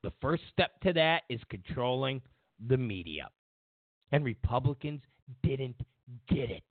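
In a tinny, phone-like recording with no room sound, this political commentary host speaks unhurriedly at medium pitch but with animation. His tone is sarcastic and mocking, and he repeats lines to drive them home.

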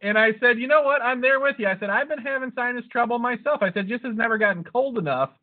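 A man with a high voice tells a rambling, profanity-laced story in casual podcast chat. He sounds tinny and narrow, as if heard over a phone line. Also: fast talker. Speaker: podcast host.

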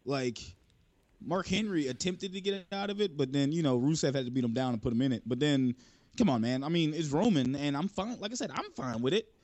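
Profane, animated man chatting wrestling. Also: on the high side, fairly quick, no echo. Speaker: wrestling podcast panelist. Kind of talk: casual chat.

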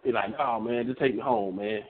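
A man co-hosting a wrestling show, telling a story in a relaxed, casual way with a Southern dialect. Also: mid-range voice, a little fast, gravelly, noisy background. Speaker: podcast co-host. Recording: phone-line audio.

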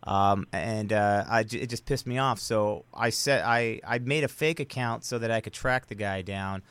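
A man's voice: on the low side, normal speed, fairly bright tone, smooth, no room sound. A man telling a story as a guest on an interview show, blunt and profane, rambling with restarts and fillers. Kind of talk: casual storytelling in a podcast interview.

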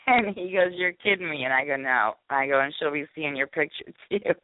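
A woman's voice: low voice, normal speed, no echo. A woman calling in to a radio show, chattily telling a story with frequent giggles. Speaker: caller and co-host. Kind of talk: casual storytelling. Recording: tinny phone line.

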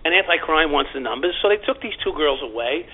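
A man's voice: a little high, expressive, quick pace, husky. A man with a New York accent telling a long story as a guest, acting out quotes and swearing freely. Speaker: former police officer, guest. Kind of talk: storytelling in an interview. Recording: tinny phone-like line with faint noise.

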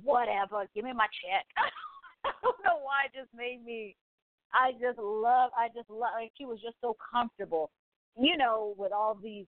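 A gushing woman in her forties chats casually as a show host, piling on exclamations. Her voice sits fairly high. It comes through a tinny, phone-like line with a dry, close sound. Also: unhurried, no room sound. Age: 40s. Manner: excitable and gushing, frequent exclamations. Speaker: podcast host. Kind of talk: casual chat.

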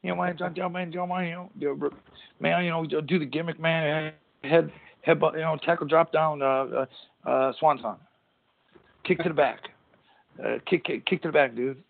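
A man's voice: on the high side, fairly even intonation, moderate pace, gravelly, pitched above the performer's own voice. A man doing an impression of a laid-back male pro wrestler, drawling and rambling with lots of "man" and "you know", over a tinny phone-like line.

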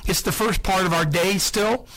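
A man's voice: high voice, moderate pace, fairly bright tone, low-quality recording. A man hosting a sales podcast, giving earnest motivational talk and repeating his key points for emphasis. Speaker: podcast host.

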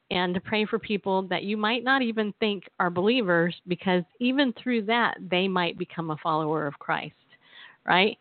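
A woman's voice: medium pitch, dry recording. A woman radio co-host telling a personal story and encouraging listeners, chatty and given to laughing and acting out quotes. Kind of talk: testimony and exhortation. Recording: tinny phone-line sound.

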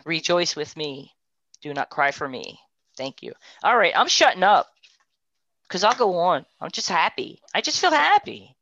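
A guest shares a heartfelt personal testimony in a low-pitched voice that sinks to a hush, then rises into quick, animated bursts. The recording is dry and slightly muffled, lo-fi in quality, with no echo.

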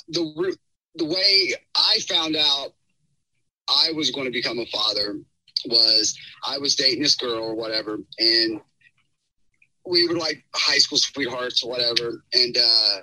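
A middle-aged man telling a personal story in a casual podcast chat, rambling and animated, with many fillers. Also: a little high, no room sound, poor audio. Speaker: podcast guest.

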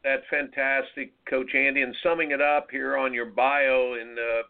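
A male radio host interviewing a guest in an earnest, measured way, asking his questions slowly. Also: mid-range voice, flat delivery, vocal fry. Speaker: radio show host and tennis coach. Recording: phone-like narrow sound.

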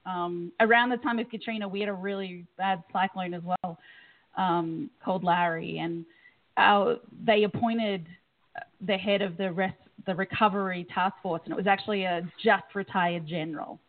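A woman's voice: mid-range voice, fairly even intonation, moderate pace. Australian woman guest, chatty and laughing, thin phone-like audio. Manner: chatty, laughs easily, many ums. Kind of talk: casual chat.

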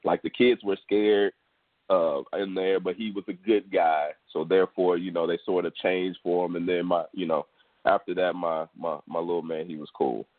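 Very deep-voiced man on a phone line. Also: normal speed, no room sound. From Houston, Texas. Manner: relaxed, rambling with many fillers. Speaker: podcast co-host. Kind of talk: casual storytelling chat. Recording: dry, tinny phone line.

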